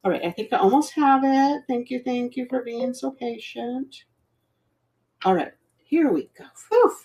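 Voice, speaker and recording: A middle-aged woman runs a relaxed live jewelry auction, rambling, chatty, and self-deprecating as she laughs off her mistakes. Her voice is on the high side and darkish, with lively intonation and an unhurried pace.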